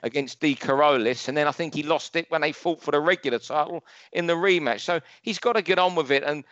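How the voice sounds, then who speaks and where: London man, boxing pundit, fairly high voice, opinionated ranter; dull, dry recording. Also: fast, a bit bright, dry recording. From London, England. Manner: chatty, ranting, opinionated. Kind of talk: casual podcast chat.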